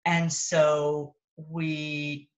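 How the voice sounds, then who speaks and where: A woman's voice: low voice, level tone, drawn-out words, rough recording. A woman coaching parents in a casual live-stream talk, recorded on her phone, thinking aloud and correcting herself as she goes.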